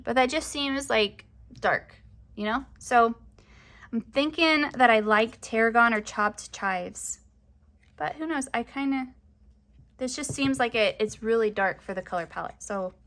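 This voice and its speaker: A woman's voice: a little high, fairly bright tone. A young woman chatting casually to camera as a crafting vlogger, rambling with lots of fillers, her voice often rising at the ends of sentences.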